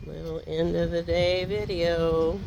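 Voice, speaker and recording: A woman's voice: on the low side, fairly even intonation, slow pace, gravelly, noisy background. A tired woman chatting casually to her vlog audience outdoors by the animal pens in a folksy way. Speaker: homestead vlogger. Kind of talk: casual chat to camera.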